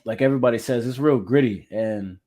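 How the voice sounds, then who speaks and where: A man from Florida, a music artist interviewed as a guest, telling his own story in a reflective, measured and candid way. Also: medium pitch, dark tone.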